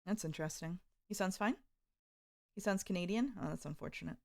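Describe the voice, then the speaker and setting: A woman streamer chatting casually, recapping slowly with lots of ums and uhs. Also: fairly low pitch, gravelly, a little mellow, no room sound, studio quality. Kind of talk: casual chat.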